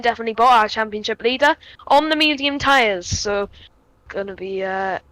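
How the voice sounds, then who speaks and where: A woman's voice: medium pitch, fairly bright tone, no room sound, dull audio. A woman co-commentating an online racing league stream, reading out the grid and laughing often. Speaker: race commentator. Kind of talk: casual sim racing commentary.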